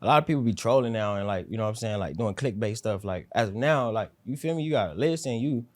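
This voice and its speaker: A laid-back man in casual interview chat, speaking low and calm, sometimes close to a whisper. His talk is loose and unhurried, full of slang and easy fillers. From South Central Los Angeles. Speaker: rapper, interview guest.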